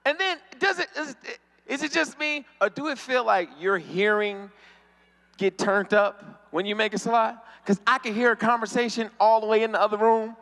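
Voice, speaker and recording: A man's voice: sits high, moderate pace, sharp tone, big-room sound. A man doing a stand-up comedy routine, acting out the voices of people in his stories. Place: convention hall stage.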